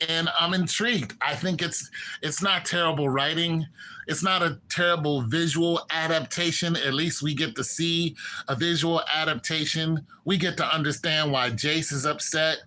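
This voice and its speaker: Guy ranting about a tv finale, bright voice, does all the characters. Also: poor audio. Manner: animated, acts out characters' lines with shifts in pitch. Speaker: TV show commentator. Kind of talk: casual recap and opinion.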